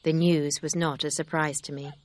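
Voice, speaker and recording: A woman reading the part of a kind, sincere older gentleman in an audiobook. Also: low-pitched, flat delivery, normal speed, close to an everyday voice. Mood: earnest.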